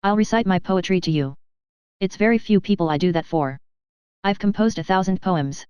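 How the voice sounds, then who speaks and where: A woman voicing an odd, kindly older male cousin in a storybook, hushed and solemn. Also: mid-range voice, moderate pace, clean tone, no echo, lo-fi sound, natural voice. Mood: conspiratorial.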